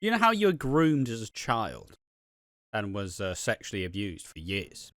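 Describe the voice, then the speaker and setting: A man's voice: fairly low pitch, huge pitch swings, normal speed, a bit bright, no room sound. A man voicing a condescending social worker who speaks in a patronizing, matter-of-fact way.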